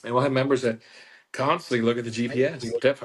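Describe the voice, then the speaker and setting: A man talking casually on a radio show, pitching his boat club in a chatty, salesy way and repeating the phone number. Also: steady tone, fast, slight background noise. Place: radio studio.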